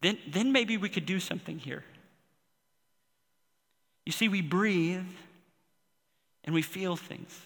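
A man in his forties delivers a sermon in a slightly high, ringing voice. He speaks earnestly and personally, letting pauses build the intensity. The sound carries the long reverb of a large hall. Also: a bit bright. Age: 40s. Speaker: pastor.

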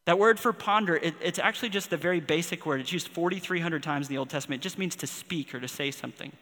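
A man in his forties delivers a sermon in a slightly high, ringing voice. He speaks earnestly and personally, letting pauses build the intensity. The sound carries the long reverb of a large hall. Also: pushed and bright. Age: 40s. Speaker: pastor.

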